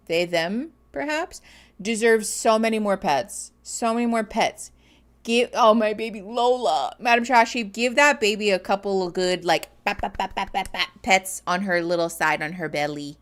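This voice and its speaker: A woman streamer chatting casually and gushing over pet photos, giggling and cooing. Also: mid-range voice. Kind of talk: casual reaction chat.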